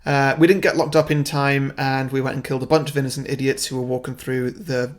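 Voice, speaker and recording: A man's voice: medium pitch, little pitch movement, fast, close to an everyday voice. A man voicing a bossy male werewolf pack leader who talks in a blunt, scolding way.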